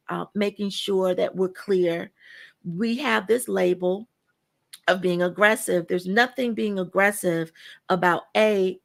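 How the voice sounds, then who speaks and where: Medium in pitch and marked by vocal fry, this woman's voice belongs to a podcast guest. She is an animated storyteller who acts out quoted dialogue, speaks casually and emphatically, and repeats words to stress them.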